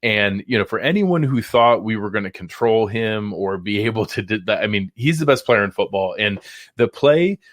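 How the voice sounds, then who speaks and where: A man's voice: lowish voice, lively intonation, moderate pace, no room sound, clean studio sound. A man co-hosting a post-game sports talk show, breaking down plays in emphatic detail. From Buffalo area. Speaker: podcast co-host.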